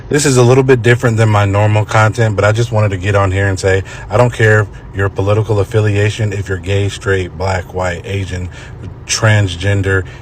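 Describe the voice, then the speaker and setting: A man's voice: on the low side, slight background noise. A man speaking earnestly and firmly in a direct-to-camera opinion video. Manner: earnest, firm.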